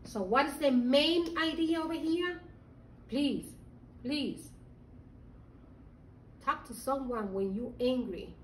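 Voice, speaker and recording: High-voiced teacher in an echoey room. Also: female voice, slow, pauses often, recorded from a distance, a little hiss or hum. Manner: animated, acts out the children's feelings. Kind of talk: reading a social-emotional lesson to young children. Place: classroom.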